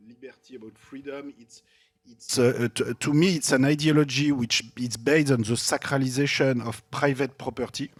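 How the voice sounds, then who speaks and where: A man's voice: mid-range voice, no echo. A man with a French accent, a native French speaker discussing ideas in English at a panel debate, talking animatedly with frequent "you know" and restarts. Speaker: invited economist in a panel debate.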